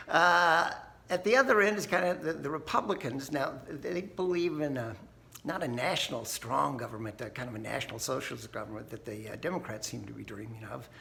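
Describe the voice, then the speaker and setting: Gravelly, chatty man speaking casually. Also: mid-range voice, a bit bright. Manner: chatty, folksy, laughs often, asks "right?". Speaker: think tank host. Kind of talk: casual talk to camera.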